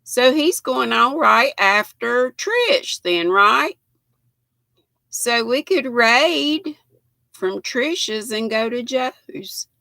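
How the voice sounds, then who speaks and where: An older Southern woman, slightly hoarse, hosting a live stream in an unhurried, chatty way. Her voice is bright and gravelly, and it sits close in a dry space with no echo. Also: fairly high pitch, lively intonation. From United States. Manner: chatty, reading viewer comments aloud. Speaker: host.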